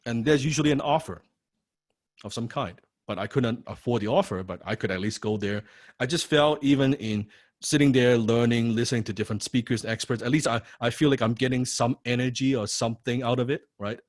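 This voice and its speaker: A man teaching a copywriting course, telling a personal story in an animated, profane way, often repeating words and tagging lines with "right?". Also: medium pitch, brisk, no room sound, clean studio sound. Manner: frequent rhetorical "right?". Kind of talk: personal story told in a lecture.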